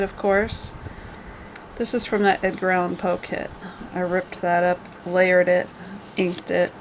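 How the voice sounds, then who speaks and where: A woman's voice: mid-range voice, slight background noise, rough recording. A woman casually walking through her handmade journal page by page, chatty and rambling with jokey asides. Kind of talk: casual show-and-tell.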